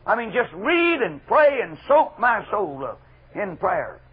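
Husky, fervent preacher man. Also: sits high, sing-song, unhurried. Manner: fervent, swinging from loud exhortation to hushed asides. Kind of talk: impassioned revival sermon. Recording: dull lo-fi archival sermon recording.

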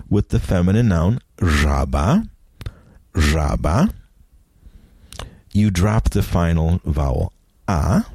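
A man teaching a recorded language lesson, explaining grammar deliberately and repeating each example word for pronunciation practice. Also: sits low, vocal fry, dark tone, dry recording.

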